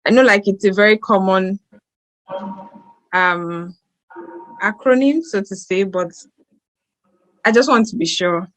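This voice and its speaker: A woman's voice: medium pitch, a little slow, long pauses, fairly bright tone, poor audio. A woman hosting an online event, hesitant and apologetic, often restarting her sentences. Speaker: event host.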